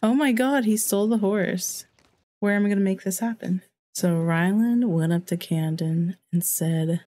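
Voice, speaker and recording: A woman's voice: mid-range voice, moderate pace, dark tone. A woman hosting a let's play, chatting casually over her game, exclaiming and joking, and reading out what the characters say in her own voice. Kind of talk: casual gameplay commentary.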